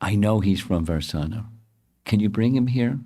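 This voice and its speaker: A man voicing a young married goddess who longs tearfully for her parents, in a softer, plaintive tone. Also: fairly low pitch, lively intonation, moderate pace. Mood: eager, pleading.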